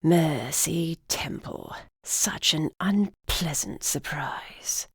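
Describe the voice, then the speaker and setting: A woman voicing a cranky, blind old male griffin in human form, with a gruff, rasping English accent, in an audiobook. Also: sits low, extremely slow, dry recording, clean studio sound, full character voice. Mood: sneering. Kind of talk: audiobook character voice.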